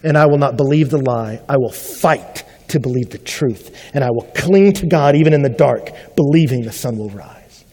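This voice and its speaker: A man preaching a sermon, telling a story that swings between loud animated bursts and hushed quiet stretches. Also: mid-range voice, normal speed, few pauses, husky. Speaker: pastor. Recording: long hall reverb.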